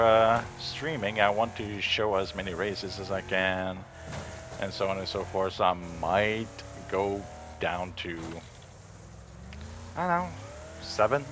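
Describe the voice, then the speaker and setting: A man streams a racing game and chats casually, rambling and swearing freely in a laid-back way, and he gets emotional when thanked. His voice is lowish and slow, with background noise.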